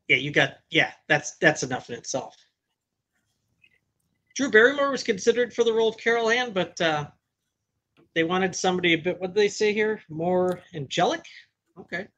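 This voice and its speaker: A man's voice: high-pitched, lively intonation, normal speed, long pauses, pushed and bright. A man co-hosting a live movie watch-along, chatting casually and sharing trivia and jokes. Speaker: co-host. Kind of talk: casual chat.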